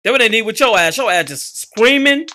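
A man hosting his gaming channel, giving live gameplay commentary in an excitable, slangy way and yelling at his teammates. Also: high-pitched, fairly quick, slight background noise.

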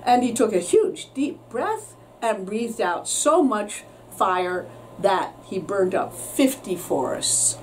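A woman teacher reading a children's story aloud with expressive storytelling, recorded with a distant mic and faint noise. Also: mid-range voice, slow pace.

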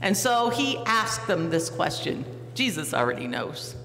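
In a church sanctuary, a pastor preaches a sermon, vividly telling the story, acting out the disciples and asking the congregation questions. His mid-range voice is very animated, unhurried, pushed and bright. Soft music plays behind him, and the reverberant hall carries a faint hum.

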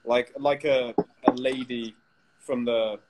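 A young man co-hosting a casual chat show, relaxed and teasing in his banter. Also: medium pitch, takes it slowly, heavy background noise. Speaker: co-host.

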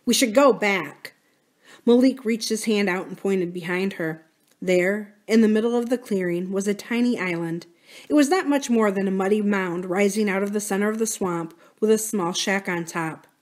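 A woman reads a children's adventure novel aloud for a library storytime. Her delivery is expressive and dramatic, at a middling pitch, slowing and softening for suspense.

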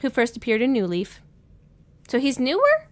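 Playful cohost woman reading facts off a wiki, slightly high voice. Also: huge pitch swings, moderate pace. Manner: reads facts aloud, playful, joking. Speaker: podcast co-host. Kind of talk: casual chat.

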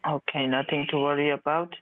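A man's voice: fairly high pitch, little pitch movement, brisk. A man posing as a support agent on a call, evasive and stalling, repeating himself. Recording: tinny dry phone line.

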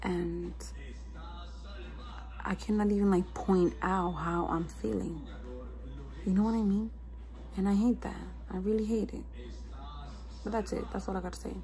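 A woman's voice: mid-range voice, steady tone, unhurried, pauses often, dark tone, soft background music, rough recording. Stressed young woman rambling to camera. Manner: rambling, fillers like "like" and "you know what I mean". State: stressed and low. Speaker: vlogger. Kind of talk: casual confessional vlog.

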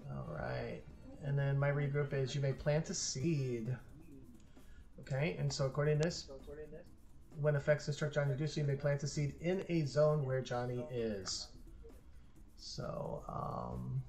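A woman with a very deep voice hosts a board game session, chatting casually into her own streaming mic. She laughs often and talks through her moves as she thinks. Faint music plays under her voice. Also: fairly even intonation, unhurried, darkish tone. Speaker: host and player. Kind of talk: casual chat while playing a board game.

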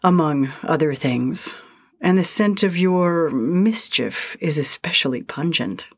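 A woman's voice: sits low, animated, slow, breathy edge, no room sound, full character voice. A woman voicing a tiny, mischievous male sprite who teases and taunts. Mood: sly teasing. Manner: teasing, playful taunts.

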